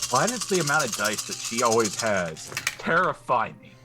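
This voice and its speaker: A man playing a tabletop role-playing game, dry and relaxed, joking. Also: mid-range voice, normal speed, loud music behind the voice. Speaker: player. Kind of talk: casual tabletop game play.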